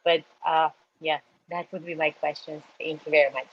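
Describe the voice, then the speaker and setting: A woman's voice: deep voice, level tone, normal speed, slightly rough, muffled recording. A woman graduate student politely asking a hesitant question in a Q&A. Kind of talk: audience question.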